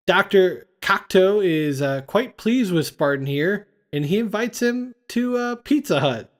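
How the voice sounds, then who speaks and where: Casual man hosting a film chat, slightly higher voice, recaps scenes and quotes lines. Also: animated, measured pace, few pauses. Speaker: podcast host. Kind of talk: casual movie review chat.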